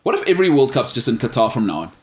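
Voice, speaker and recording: A man's voice: medium pitch, very animated, racing. A man hosting a sports talk show, chatting casually and jokingly as he reads out viewer questions and gives firm opinions. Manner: opinionated, joking, stumbles over names.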